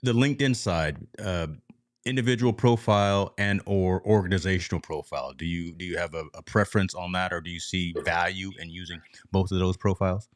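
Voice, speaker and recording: Deep-voiced man hosting an interview. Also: fairly even intonation, a little fast, no echo, studio quality. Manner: hypes the guest's points, asks for repeats. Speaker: podcast host.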